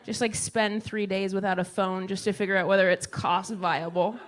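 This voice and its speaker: A woman's voice: medium pitch, fairly even intonation, normal speed. A woman in her thirties doing stand-up, telling a wry, chatty story full of "like" and "you know". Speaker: stand-up comedian. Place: comedy stage with a live audience.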